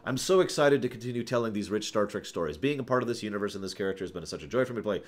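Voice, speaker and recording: A man's voice: on the low side, animated, racing. A man hosting a casual livestream, talking through his opinions in a rambling way, with restarts and sighs. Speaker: streamer host.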